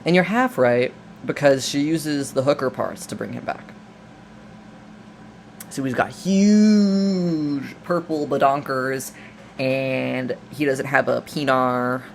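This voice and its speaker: A man talking casually through a film plot, rambling and joking with many restarts and asides. His voice sits at a middling pitch. A faint air-conditioner hum runs underneath. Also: slow, vocal fry. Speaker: video essayist. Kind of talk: casual film recap and commentary.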